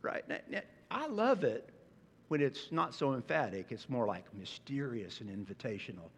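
A male pastor delivering a sermon, animated and expressive, sometimes acting out incredulous reactions. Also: medium pitch, normal speed, slightly rough, big-room sound.

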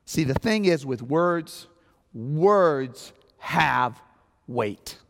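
Male pastor, sermon, animated storytelling, slightly high voice, long hall reverb. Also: very slow, vocal fry, slight background noise. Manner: animated storytelling with loud acted-out outbursts.

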